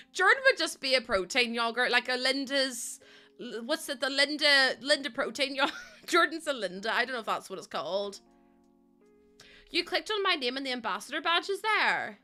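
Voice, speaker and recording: High, bright-voiced excitable woman streamer. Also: normal speed, faint music behind. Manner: excitable, gushing, laughs often. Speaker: live streamer. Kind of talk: casual stream chat with viewers.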